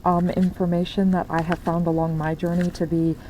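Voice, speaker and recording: A woman's voice: fairly low pitch, little pitch movement, brisk, dark tone, slight background noise, low-quality recording. A woman giving a spiritual tarot reading, talking in a rambling way with many fillers and restarts. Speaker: tarot reader.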